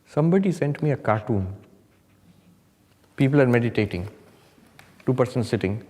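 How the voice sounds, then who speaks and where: A man's voice: medium pitch, expressive, normal speed, darkish tone. A man, a monk, leading a meditation retreat, telling stories with humor and rising emphasis. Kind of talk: spiritual talk to an audience. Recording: hall with long reverb. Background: audience laughter.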